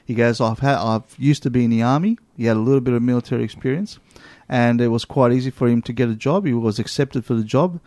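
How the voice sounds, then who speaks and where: Animated Australian man telling stories. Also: medium pitch, fast talker, no room sound. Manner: animated storyteller, lots of "you know what?". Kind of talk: casual chat.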